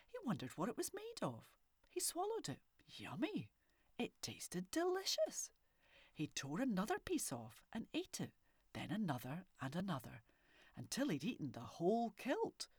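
A woman reading a children's story aloud with expressive, animated delivery and soft whispery asides. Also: on the low side, husky, dry recording, studio quality. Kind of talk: storybook narration.

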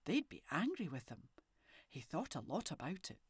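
A woman reading a children's story aloud with expressive, animated delivery and soft whispery asides. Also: low voice, moderate pace, husky, no echo, studio quality. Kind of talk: storybook narration.

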